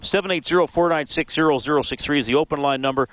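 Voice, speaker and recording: A man's voice: a little high, fast, a bit bright, a little hiss or hum. A man hosting a sports talk radio show, friendly and jokey with callers, on a studio microphone. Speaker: radio host.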